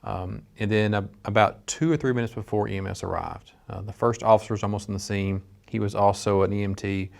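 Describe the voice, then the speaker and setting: A middle-aged man teaches dispatchers in a low, gravelly voice. He talks earnestly and conversationally, with frequent restarts. His delivery stays plain and unpolished. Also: fairly even intonation, fairly quick, few pauses. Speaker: dispatch instructor. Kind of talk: training lecture with personal story.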